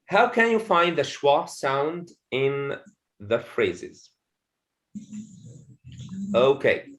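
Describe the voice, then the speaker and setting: A man teaching English pronunciation in an online class, repeating words and phrases slowly for his students. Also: mid-range voice, sing-song, fairly bright tone, poor audio. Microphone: video call.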